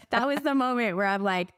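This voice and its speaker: Animated woman telling her story. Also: on the high side, clear, resonant tone, no echo, clean studio sound. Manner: animated storyteller who acts out her own past words. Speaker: guest, business coach for therapists. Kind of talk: casual podcast interview.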